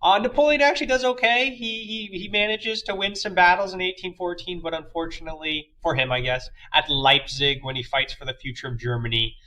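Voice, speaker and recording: Young guy teacher rambling thru a history lecture, kinda high bright voice, lots of uh's and jokey asides. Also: steady tone, brisk, few pauses, low-quality recording. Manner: chatty, loose, many fillers, playful asides. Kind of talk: casual classroom lecture.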